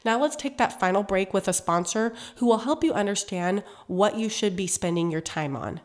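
A woman's voice: medium pitch, expressive, moderate pace. A woman hosting a motivational podcast, talking straight to her listeners in an encouraging coaching tone, her voice nasal and congested from a cold. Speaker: podcast host.

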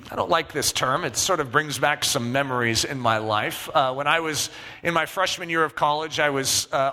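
Male pastor, sermon, storytelling, self-mocking humor, bright voice, long hall reverb. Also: fairly high pitch. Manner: storytelling, checks in with the audience.

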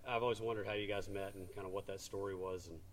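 A man's voice: low-pitched, fairly even intonation, fast talker. A man hosting a podcast, asking rambling questions full of fillers in a casual chat. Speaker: podcast host. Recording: echoey room with faint background noise.

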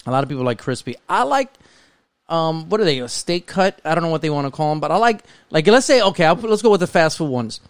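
Smooth, slightly high-voiced man, dry. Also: expressive, fast, no echo. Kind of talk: casual chat.

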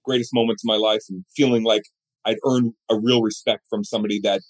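Middle-aged guy telling stories in an interview, lively, does the voices of people in his stories. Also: fairly low pitch, fast talker. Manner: animated storyteller who acts out other people's voices. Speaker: guest. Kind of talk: storytelling interview chat.

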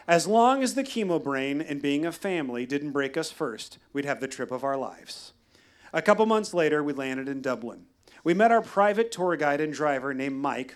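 A man telling a wry, deadpan personal story at a live storytelling show. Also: on the high side. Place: live venue.

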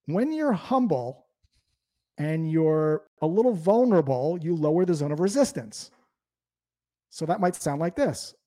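Brief: male sales trainer, mellow tone, slightly higher pitch, explanatory. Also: measured pace. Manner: explanatory, lively coaching. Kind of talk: instructional talk.

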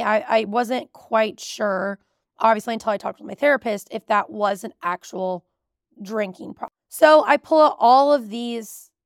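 A woman's voice: on the high side, creaky, no echo, studio quality. A woman in her thirties, a podcast host, telling a personal story in a candid, emotional way. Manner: candid, emotional, tearful at times.

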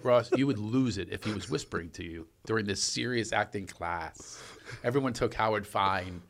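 A man hosting a podcast, telling a comic story in a lively way and breaking into laughter. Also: medium pitch. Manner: animated, laughing storyteller doing impressions. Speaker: podcast host.

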